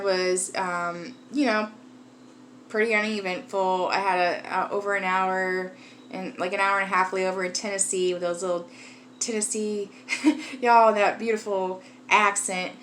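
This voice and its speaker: A woman's voice: medium pitch, a bit bright. Woman vlogger, casual rambling talk, tired, faint hiss behind. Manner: chatty, rambling, laughs often. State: tired, jet lagged. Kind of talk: casual vlog chat.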